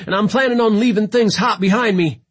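A husky man doing a cocky, reckless male spaceman who grins through danger. His voice jumps well above the narrator's, loud and brash, with a joking edge in a sci-fi audiobook. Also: high voice, sing-song, unhurried, voice pushed up, full character voice.

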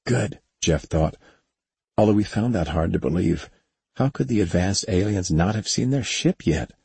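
Male audiobook narrator, low and husky, even unhurried read. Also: dry recording.

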